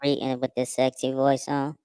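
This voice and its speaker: A man's voice: mid-range voice, completely flat delivery, a little mellow, clean tone, no echo, pitched above the performer's own voice, natural voice. A man putting on a teasing, seductive "sexy voice" while joking with a guest on a live stream. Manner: playful, teasing, drawn-out. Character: smooth slow-talking seductive man with a put-on sexy voice.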